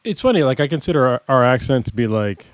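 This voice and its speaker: Man, podcast co-host, casual chat, slangy, relaxed, mid pitch. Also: fast, clear, resonant tone, dry recording. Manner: laid-back, frequent laughter, slangy.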